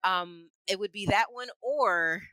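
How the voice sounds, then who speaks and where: A woman co-hosting a casual chat, animated and quick to laugh. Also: medium pitch, no room sound, rough recording. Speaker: podcast co-host.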